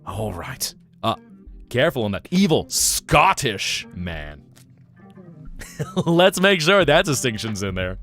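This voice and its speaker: A man's voice: mid-range voice, slow, long pauses, soft background music. A man hosting a livestream, chatting casually and rambling about accents. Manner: rambling, musing, animated. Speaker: livestream host.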